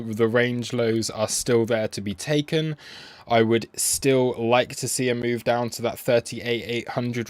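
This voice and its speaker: A man streaming live as a crypto trader, walking through price charts in a relaxed, rambling way with frequent ums and restarts. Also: medium pitch, no room sound. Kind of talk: casual livestream chart commentary.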